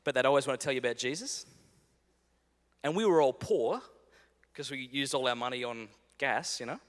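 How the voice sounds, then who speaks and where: A man's voice: medium pitch, normal speed. A man in his thirties giving a humorous keynote talk, telling stories and acting out bits of dialogue. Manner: animated, comic, acts out dialogue. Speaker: keynote speaker. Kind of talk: humorous storytelling keynote speech. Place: large conference hall. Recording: big hall with long reverb.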